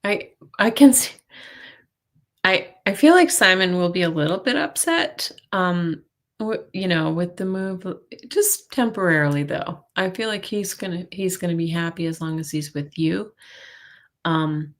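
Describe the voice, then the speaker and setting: A woman with a slightly low voice gives tarot readings to viewers on a live stream. She talks in a chatty, hesitant way, full of fillers and little laughs, and sounds gentle and reassuring. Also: a little slow. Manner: warm reassuring intuitive tone. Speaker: intuitive reader, stream host.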